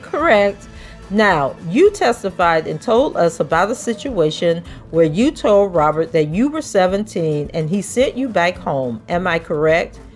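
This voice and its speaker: A woman podcast host reading a trial transcript aloud, voicing the questioning in a measured, even way. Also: on the low side, faint music behind.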